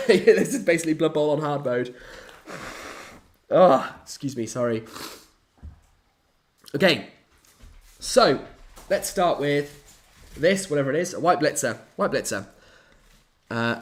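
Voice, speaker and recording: A young man chats his way through a live stream, his voice swinging up and down a lot. He talks in a light, slightly raised register, playfully dramatic and chatty throughout. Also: on the high side. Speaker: hobby streamer. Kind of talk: casual live-stream chat.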